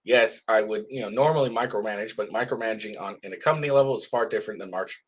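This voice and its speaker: A man's voice: lowish voice, quick pace, slightly rough. A man voicing an imagined defendant brushing off accusations with offhand excuses, with a stuffy nose. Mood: dismissive. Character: man on trial, dismissive, defending himself.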